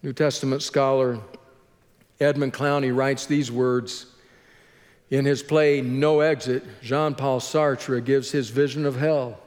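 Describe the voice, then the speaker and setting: A man preaching a sermon as pastor, slow and earnest, with heavy pauses between phrases. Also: medium pitch, steady tone, darkish tone, long reverb tail.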